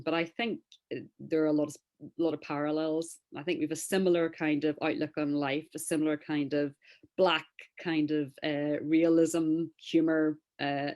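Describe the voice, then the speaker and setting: A woman from Northern Ireland talks with a low, grounded voice and a Northern Irish accent. She chats easily on a video call, dropping in ums and a dry, wry humor. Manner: chatty, warm-humored, frequent fillers. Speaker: interview guest. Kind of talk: casual interview talk.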